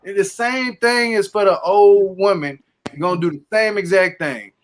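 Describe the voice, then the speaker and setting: High-voiced animated man hosting a chat. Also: moderate pace. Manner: animated, emphatic, leans on "to be honest". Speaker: podcast host. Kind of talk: casual chat recapping a reality show.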